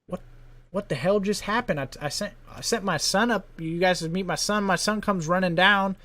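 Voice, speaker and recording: A man's voice: high voice, normal speed, sharp tone, pitched above the performer's own voice. A man voicing a flustered, defensive middle-aged farmer who stammers. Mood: bewildered. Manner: stammering, exasperated.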